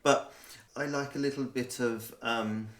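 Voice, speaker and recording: A man's voice: medium pitch, fairly even intonation, measured pace. A middle-aged man co-hosting a podcast in casual chat, with a dry, teasing manner. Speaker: podcast co-host. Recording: echoey room.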